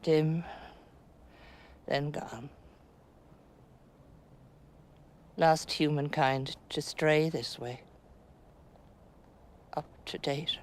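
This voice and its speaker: Winnie, middle-aged woman stuck in a mound, low-voiced and unhurried, musing stage monologue. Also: fairly even intonation. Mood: wistful. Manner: musing, halting, sinking to near-whispers. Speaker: stage actress.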